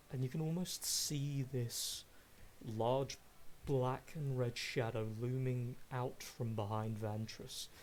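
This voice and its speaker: A man narrating a tabletop game as game master, describing the action in slow, measured, vivid detail. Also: medium pitch, darkish tone, a little hiss or hum.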